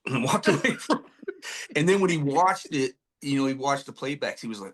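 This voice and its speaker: A man's voice: mid-range voice, a little fast. A middle-aged man, a former military trainer, telling rambling, profane stories with frequent laughs as a podcast guest. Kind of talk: casual storytelling chat.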